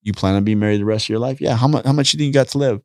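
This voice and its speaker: A man's voice: mid-range voice, racing, no room sound, clean studio sound. A middle-aged man chatting as a podcast guest, telling stories with lots of energy and acting out the dialogue. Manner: animated storytelling, acts out dialogue. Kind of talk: casual chat.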